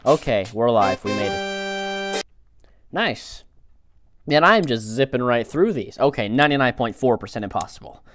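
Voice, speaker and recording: A young man hosting a gaming channel, reacting excitably to the game with yelps and groans. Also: mid-range voice, moderate pace, long pauses, over music. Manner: excitable, frequent outbursts and groans. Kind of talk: game commentary.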